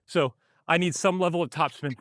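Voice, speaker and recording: A man's voice: a little high, fairly quick, fairly bright tone, no echo, clean studio sound. A man teaching tennis while he rallies on a court, a bit out of breath, explaining in short bursts between shots. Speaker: tennis coach.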